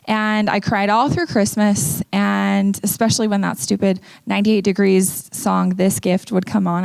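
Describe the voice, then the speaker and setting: A woman's voice: mid-range voice, vocal fry, a little mellow, no echo. A middle-aged woman from Utah giving an earnest, candid personal testimony talk at an event. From Utah, USA. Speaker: speaker. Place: event venue.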